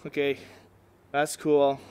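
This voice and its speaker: A man playing a VR game at home, giving casual, excitable commentary through a headset microphone. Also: mid-range voice, slow, clear, resonant tone. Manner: excitable, exclaiming, joking. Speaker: gaming video creator.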